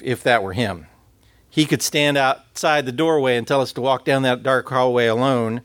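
A man's voice: mid-range voice, moderate pace, a bit bright, dry recording. Male preacher, conversational sermon delivery, medium voice, dead-dry room. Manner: earnest, conversational preaching with scripture quotes.

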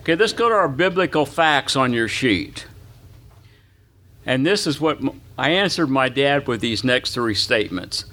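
A man's voice: mid-range voice, animated, normal speed, pushed and bright. An older man teaching a Bible class as pastor, folksy and chatty, quizzing his listeners and telling anecdotes. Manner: folksy, asks the audience questions, tells anecdotes.

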